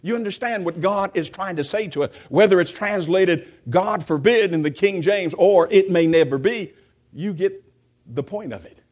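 A man's voice: sits high, normal speed, a little mellow. A man preaching a sermon in a conversational way, often putting questions to the congregation and restarting his sentences. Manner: many restarts and repeated words.

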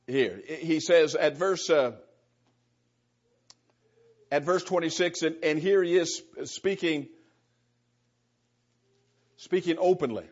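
A middle-aged man preaching a conversational Bible-teaching sermon, chuckling often and restarting his phrases as he explains verses. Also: a little high. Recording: dull lo-fi sound.

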